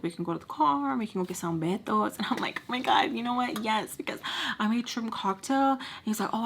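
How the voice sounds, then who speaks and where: A young woman in her twenties tells a storytime at home, animated and emotional. She slips into each character's voice as she quotes them and curses ease. She mixes a few into her casual talk. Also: lowish voice, slight background noise. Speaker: beauty vlogger telling a story. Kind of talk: casual storytime while doing makeup.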